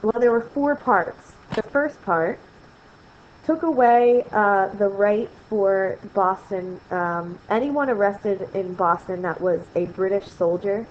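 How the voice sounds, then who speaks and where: A woman's voice: mid-range voice, takes it slowly. Chatty woman teaching history. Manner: chatty, asks "right?" often. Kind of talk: recorded screen lecture. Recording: slightly dull, faint noise.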